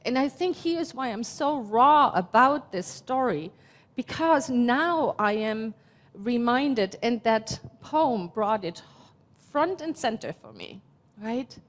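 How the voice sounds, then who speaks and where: Woman, fifties, German accent, minister, unhurried, reflective sermon, echoing hall. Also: a little high, lively intonation. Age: 50s. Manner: slow, reflective and heartfelt. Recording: long hall reverb.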